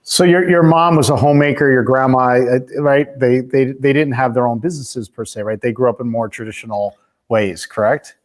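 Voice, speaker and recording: A man hosts a podcast conversation and asks his guest questions. He speaks haltingly and repeats words as he works toward each question. His voice sits at an ordinary pitch. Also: fairly even intonation. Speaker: podcast host.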